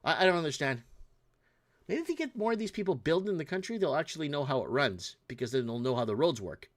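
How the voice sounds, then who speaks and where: A man's voice: a little high, very animated, fast. A man hosting his own podcast, giving casual, exasperated news commentary, rambling with frequent restarts and fillers. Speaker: podcast host.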